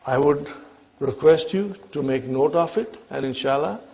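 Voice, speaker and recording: A man teaching an Arabic grammar lesson to a class, slow and repetitive, often checking whether his listeners follow. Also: on the high side, vocal fry, darkish tone. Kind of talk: classroom lecture. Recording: dull lo-fi recording.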